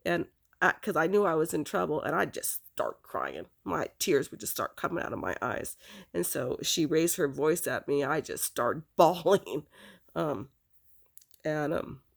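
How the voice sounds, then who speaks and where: Gravelly-voiced woman telling a painful story. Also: low-pitched. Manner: halting, with frequent restarts and fillers; earnest, emotional retelling. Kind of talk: personal storytelling.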